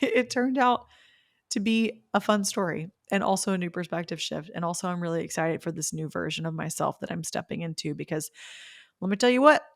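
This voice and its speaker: A woman's voice: lowish voice, lively intonation, fairly quick, creaky, dry recording, studio quality. A young woman hosting her own podcast, casually telling a personal story in a bubbly, gushing way with bursts of laughter. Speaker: podcast host. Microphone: podcast microphone.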